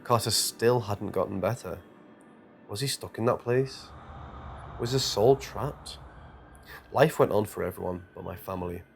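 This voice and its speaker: A man's voice: fairly low pitch, a little slow, gravelly, long pauses. Man narrating a horror story. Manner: dramatic, tense storytelling. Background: quiet music.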